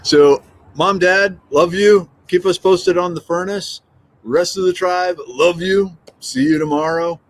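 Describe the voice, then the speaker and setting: A man's voice: high-pitched, unhurried. A middle-aged man chatting casually on a morning livestream, reading out comments and joking. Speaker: livestream host.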